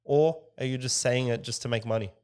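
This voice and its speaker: A man co-hosting a casual podcast, speaking in a relaxed, conversational way. He livens up and pushes his voice when he quotes others. His pitch is in a typical middle range. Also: fairly quick, clean tone. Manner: animated, lively when quoting others. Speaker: podcast co-host. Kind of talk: casual business podcast chat.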